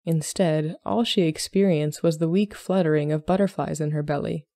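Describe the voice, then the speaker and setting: A woman podcast host reading a short story aloud in measured storytelling narration. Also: low voice, fairly even intonation, mellow, no room sound, studio quality.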